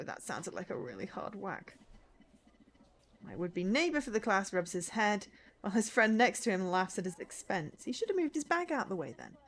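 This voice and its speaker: A woman streaming a visual novel, reading the story aloud and breaking in with chatty asides. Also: medium pitch. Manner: lively, chatty asides between read lines.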